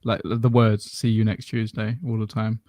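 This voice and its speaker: A man's voice: lowish voice, flat delivery, normal speed, dark tone, no echo. A British man from the UK chatting casually, joking and laughing, often stammering. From United Kingdom. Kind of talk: casual chat.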